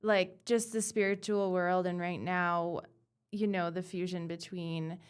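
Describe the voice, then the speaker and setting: A woman guest on a podcast who talks about bodywork in an earnest, animated way, full of "like" fillers. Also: fairly low pitch, measured pace, clear, resonant tone. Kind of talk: casual conversational podcast.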